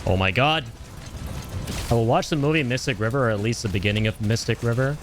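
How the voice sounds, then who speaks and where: A man streaming a video game live, chatting with his viewers, swearing and yelling at the game as he plays. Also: fairly low pitch, a little fast, a little hiss or hum. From Canada. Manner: excitable, swears and yells at the game. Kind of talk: casual live-stream gaming chat.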